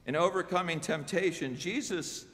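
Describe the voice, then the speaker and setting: A man's voice: high voice, normal speed, fairly bright tone. A male pastor giving a sermon in a conversational way, turning to the congregation with asides. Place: church sanctuary. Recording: long church reverb.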